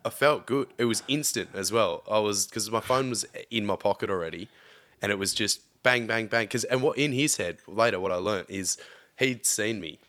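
A young man on a podcast, telling a story casually, swearing freely and getting animated. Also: lowish voice, moderate pace. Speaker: podcast co-host. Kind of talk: casual chat.

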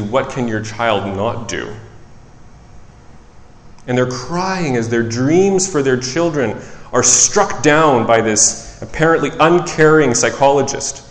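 A man preaching a sermon in a relaxed, conversational way, who often corrects himself and tells stories from his work as a child psychologist. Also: medium pitch. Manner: conversational, self-correcting, animated storytelling. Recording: echoey hall with long reverb.

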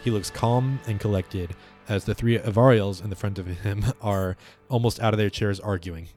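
Low-voiced man narrating a tabletop game. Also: normal speed, a little mellow, faint music behind. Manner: descriptive, with fillers. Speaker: game master.

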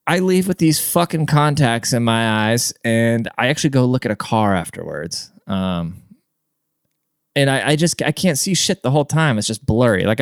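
A man's voice: mid-range voice, clear, resonant tone, dry recording, studio quality. A young man hosting a podcast, telling a rambling, profane story in a loose casual monologue. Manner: rambling and profane, with frequent restarts and "dude". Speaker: podcast host.

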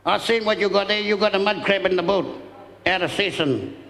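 A man voicing a blustering fisheries officer, high and accusing. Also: brisk, creaky, a bit bright. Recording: reverberant hall, faint ambience.

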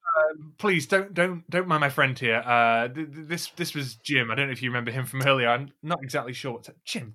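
A man performing improvised audio comedy, breezy and stammering, easily excited. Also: mid-range voice, fairly quick.

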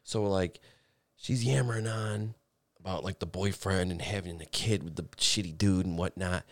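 A man's voice: low voice, steady tone, moderate pace, dry recording. A man telling a long, rambling, profane story in a casual chat with friends.

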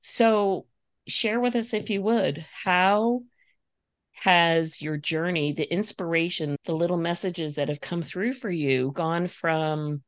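A woman's voice: on the low side, slow, no room sound, clean studio sound. A woman hosting a podcast, gushing and enthusiastic, talking in long flowing phrases. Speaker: podcast host. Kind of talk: casual podcast interview.

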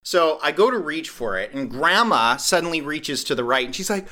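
A podcast host chatting casually and telling a rambling, animated story. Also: male voice, fairly high pitch, normal speed, hardly any pauses.

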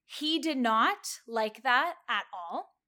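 Young woman, bright and slightly high voice, animated storyteller in casual chat. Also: takes it slowly. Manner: animated, quotes people in her story. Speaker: server telling a story.

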